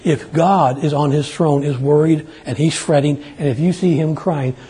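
A man's voice: a little high, fairly even intonation, moderate pace, mellow, breathy edge. A middle-aged man preaching a sermon, telling a rambling family story in a folksy way and then leading an earnest prayer. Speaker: pastor.

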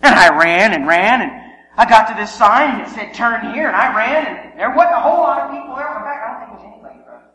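A man preaching, telling a funny story with shouted exclamations and quiet asides. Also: extremely high pitch, quick pace. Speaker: pastor. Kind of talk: sermon with humorous personal story. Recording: long hall reverb, faint hum.

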